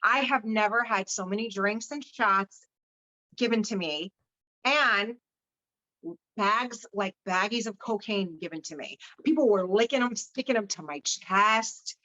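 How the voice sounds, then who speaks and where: A podcast guest speaks in an unhurried, mid-range voice that is bright and forceful. She tells her own story bluntly without any filter, swears freely, and acts out the lines of others. The recording comes across slightly dull.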